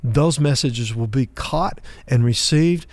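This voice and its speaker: A male pastor teaching in a calm, measured, conversational manner, building his points through simple examples. His voice sits at an ordinary pitch for a man and is recorded close and dry, with almost no room sound. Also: dry recording. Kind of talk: teaching talk on relationships.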